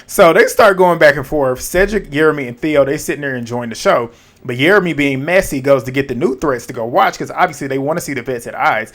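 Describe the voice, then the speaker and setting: A man's voice: on the high side, fairly quick, fairly bright tone. A man giving a casual, slangy recap of a reality show, retelling scenes in an amused way.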